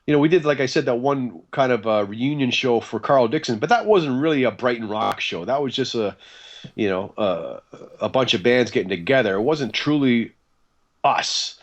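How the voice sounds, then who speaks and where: Animated man telling band stories. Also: mid-range voice, normal speed, muffled recording. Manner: animated, acts out quoted dialogue, chatty with fillers. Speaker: guest guitarist. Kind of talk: casual interview storytelling.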